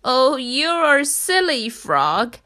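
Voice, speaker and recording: A woman's voice: medium pitch, wildly swooping pitch, slow, a bit bright, exaggerated voice. A woman voicing a cheerful, caring male rat in a storybook, speaking in a coaxing, friendly way. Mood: puzzled, amused.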